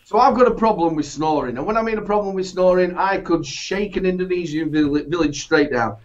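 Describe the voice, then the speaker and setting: A man with a Yorkshire accent telling animated, sweary stories in casual chat. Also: high voice, a little fast. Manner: animated anecdotes, swears, laughs through stories. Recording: dull lo-fi sound.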